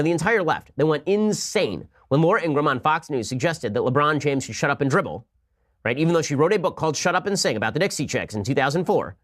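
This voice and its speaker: A man delivering political commentary at a breakneck clip, his voice sitting a bit higher than most men's. He argues with sarcasm and fires off point after point as a show host. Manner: sarcastic, rapid-fire argument. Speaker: podcast host.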